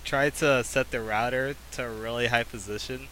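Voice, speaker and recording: A man in casual chat, chiming in with short quick remarks. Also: medium pitch, fairly even intonation, crowd noise, low-quality recording. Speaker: podcast co-host.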